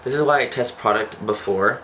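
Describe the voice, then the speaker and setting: A man's voice: mid-range voice, normal speed, a bit bright, slight background noise. A young man chatting casually through a makeup tutorial, campy and playful, swearing for fun. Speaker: beauty vlogger.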